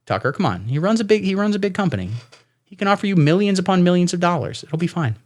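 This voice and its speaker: Satirical commentary host, man, rambling and sarcastic, swoops around in pitch. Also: big pitch swings, quick pace, a little mellow. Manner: sarcastic, rambling, puts on silly voices for quotes. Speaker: comedy streamer. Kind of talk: satirical commentary reading texts.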